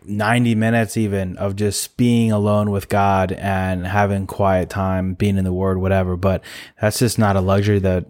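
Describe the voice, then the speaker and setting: Laid-back guy with a lowish voice, rambling about faith and prayer, laughs a lot. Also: level tone, moderate pace, darkish tone. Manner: rambling, easygoing, laughs often. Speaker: podcast co-host. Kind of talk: casual faith conversation.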